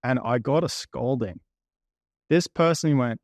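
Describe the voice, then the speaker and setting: Gravelly man telling his story. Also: medium pitch, unhurried, pauses often, no echo, clean studio sound. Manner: candid, retells conversations at length. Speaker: property investor guest. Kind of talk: interview storytelling.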